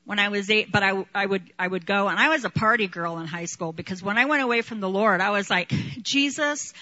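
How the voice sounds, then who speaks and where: A woman preaching a sermon and sharing her testimony, animated, laughing often and acting out quotes. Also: mid-range voice, quick pace, lo-fi sound.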